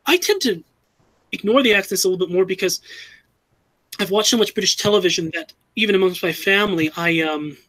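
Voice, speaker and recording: Husky-voiced fan with dry sound. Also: mid-range voice, animated, fairly quick, a bit bright, no room sound, low-quality recording. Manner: earnest and critical, many restarts and self-corrections. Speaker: fan commentator. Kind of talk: opinionated fan commentary.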